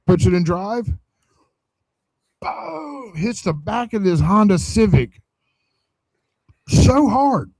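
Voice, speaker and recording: Profane, animated man telling a story. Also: high-pitched, takes it slowly, long pauses, no room sound, low-quality recording. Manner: profane, animated storyteller acting out quoted dialogue. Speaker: podcast co-host telling a story. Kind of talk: casual storytelling chat.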